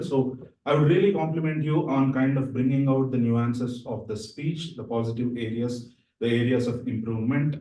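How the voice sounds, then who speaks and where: A man acting as general evaluator at a club meeting, measured with some fillers. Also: mid-range voice, dark tone. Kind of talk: meeting moderation. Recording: echoey room, distant mic.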